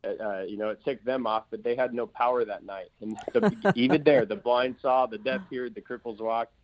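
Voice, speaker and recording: An evangelist with a mid-range voice tells testimony stories in a talk-show interview, emphatic and rapid-fire, using many fillers. The sound is lo-fi with slight background noise.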